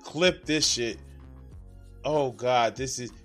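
A man's voice: mid-range voice, slow pace, a bit bright, faint music behind. Profane, heated man reacting to clips. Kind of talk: casual chat.

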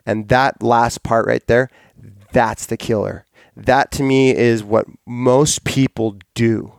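A man's voice: lowish voice, creaky, darkish tone, no room sound, clean studio sound. A man hosting a podcast, chatting casually and enthusiastically, often rambling and correcting himself. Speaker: podcast host.

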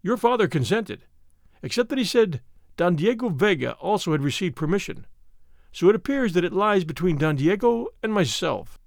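A man's voice: high voice, big pitch swings, normal speed, vocal fry, no echo, clean studio sound, exaggerated voice. A man voicing a purring, sneering army captain. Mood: wooing. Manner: sneering, overbearing. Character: arrogant bold army captain suitor, male. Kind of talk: audiobook character reading.

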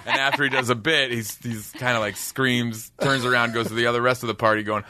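A man chatting casually, telling funny stories and acting out quotes with loud laughing shouts. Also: mid-range voice, fairly quick, noisy background. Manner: animated storyteller, acts out quotes with laughing shouts. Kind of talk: casual chat, storytelling.

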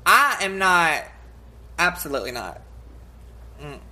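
Brash, lively woman co-host. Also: lowish voice, measured pace. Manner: brash, crude and loud, animated storyteller. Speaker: podcast co-host. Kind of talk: casual chat.

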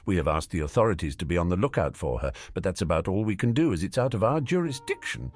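A man's voice: low voice, big pitch swings, fast. A man voicing a stern, disdainful senior ministry official who talks in a clipped, formal way.

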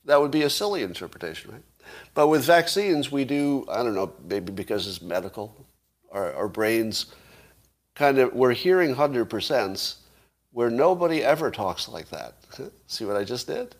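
A man's voice: mid-range voice, very animated, moderate pace. A man hosting a casual livestream, arguing his point and throwing rhetorical questions at viewers, with the odd chuckle. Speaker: livestream host.

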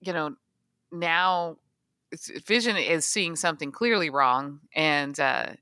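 A woman co-hosting a podcast in easy, casual chat. Her voice is very low for a woman yet crisp and bright in tone, set close and dry, and she talks plainly with many short replies. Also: slow pace, no echo. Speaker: podcast co-host.

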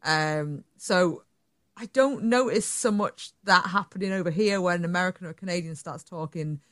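A woman's voice: on the low side, normal speed. A woman from northern England with a northern English accent, chatting animatedly as a podcast guest. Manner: chatty, animated, laughs easily. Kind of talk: casual chat.

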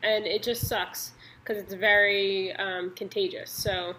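A woman's voice: mid-range voice, little pitch movement, measured pace, sharp tone, slight background noise, low-quality recording. A young woman co-hosting a casual chat, reading sports tips in an upbeat way with lots of "like" and "um".

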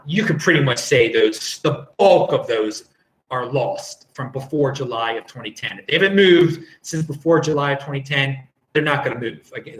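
A man's voice: medium pitch, a bit bright, reverberant, rough recording. A man hosting a casual live-streamed show, rambling and chatty as he reads out viewer comments. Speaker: show host.

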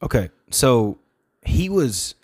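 A man's voice: mid-range voice, slow pace. An American man chatting casually on a podcast, laughing often and telling stories with lots of energy. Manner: laughs often, animated storytelling. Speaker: podcast co-host. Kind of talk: casual chat.

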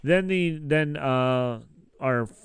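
A man's voice: mid-range voice, slow, smooth, no room sound. A man casually recapping a TV episode on a podcast, rambling with lots of fillers and restarts. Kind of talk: casual chat.

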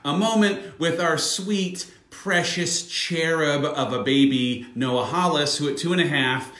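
A man co-hosting a casual chat, telling a story in an animated way and acting out the sounds. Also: on the high side, unhurried. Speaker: podcast co-host. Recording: echoey room.

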